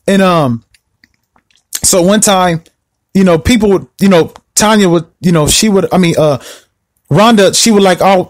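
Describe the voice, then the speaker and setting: A man telling a personal story in a rambling, repetitive way, acting out his own past words. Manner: rambling, repeats himself, acts out his own past words with rising pitch. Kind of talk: casual storytelling.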